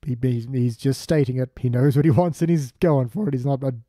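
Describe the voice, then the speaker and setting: A man co-hosting a podcast and chatting casually about a TV episode, with a relaxed, talkative manner. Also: medium pitch, brisk, dry recording, studio quality. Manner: relaxed, chatty, reads the show's plug in a mock announcer voice. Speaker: podcast co-host. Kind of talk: casual chat.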